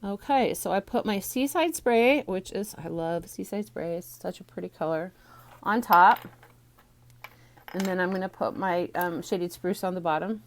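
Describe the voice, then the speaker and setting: A woman's voice: fairly low pitch, normal speed. A woman teaching a stamping card class from home, chatty and rambling with many ums, a little out of breath, recorded on a phone on a small tripod. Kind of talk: casual craft tutorial.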